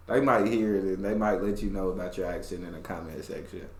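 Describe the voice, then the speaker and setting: A man's voice: deep voice, steady tone, brisk, few pauses. A man hosting a reaction video, chatting casually and teasing with a joking manner. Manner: joking, teasing, laughs easily. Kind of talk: casual chat. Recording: echoey room.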